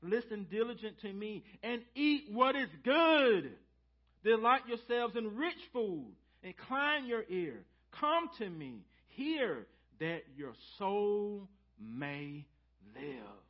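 A pastor with a notably high-pitched voice delivers a sermon to his congregation. He leans hard into emphatic phrases, then pulls back to hushed, almost whispered questions. The recording sounds a little dull and lo-fi. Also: animated, takes it slowly. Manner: dynamic, swings from loud emphasis to hushed near-whispers. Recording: slightly dull lo-fi church audio.

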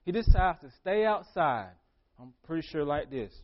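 A man's voice: fairly high pitch, sing-song, moderate pace, lo-fi sound. A man preaching a sermon as pastor, repeating phrases for emphasis and acting out a character's questions.

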